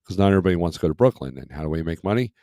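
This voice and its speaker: A man's voice: low-pitched, lively intonation, rapid-fire, mellow, dry recording, clean studio sound. A man hosting a casual trucking livestream, rambling as he reads load listings aloud and comments on them. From Michigan.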